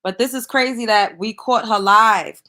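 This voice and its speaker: Animated, bright-voiced woman hosting a livestream. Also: on the high side, normal speed. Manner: animated, swearing, addresses chat viewers by name. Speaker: host. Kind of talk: casual commentary livestream.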